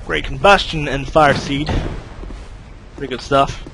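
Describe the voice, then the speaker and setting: A man's voice: medium pitch, fairly even intonation, unhurried, creaky, over music. A man streaming a video game, chatting casually and swearing while he plays. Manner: casual, profane, joking. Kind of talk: casual let's-play commentary.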